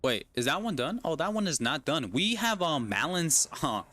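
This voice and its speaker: Male gaming streamer, high and animated, loud crude reactions. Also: normal speed, no room sound. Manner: excitable, crude, joking, lots of yelling and laughing. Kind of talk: casual livestream commentary.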